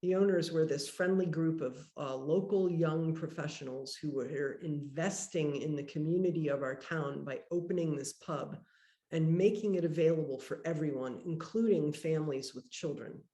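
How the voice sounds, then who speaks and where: A woman priest giving a workshop talk, telling a personal story in a reflective, measured way. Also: low-pitched, warm tone, roomy sound. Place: conference workshop room.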